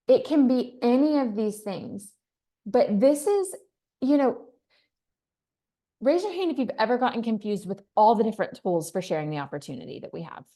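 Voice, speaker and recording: A woman's voice: on the high side, expressive, normal speed, warm tone. A woman from Texas leading a team training, talking in an upbeat, chatty way and acting out sample scripts. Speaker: team leader. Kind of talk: training talk.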